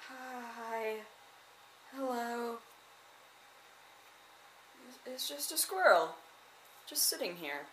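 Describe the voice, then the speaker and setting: Woman vlogger, high and animated, excitable, filming on a phone in a reverberant home stairwell. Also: drawn-out words, long pauses, slight background noise. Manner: excitable, jumping between hushed murmurs and loud exclamations. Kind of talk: casual handheld narration. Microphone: handheld phone camera. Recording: echoey indoor stairwell.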